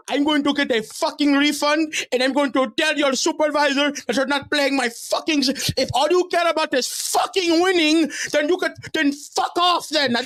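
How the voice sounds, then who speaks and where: A man acting out an irate father who screams profanities at his son's coach in a shrill, strained voice. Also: fairly bright tone. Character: furious, foul-mouthed middle-aged father yelling at a coach.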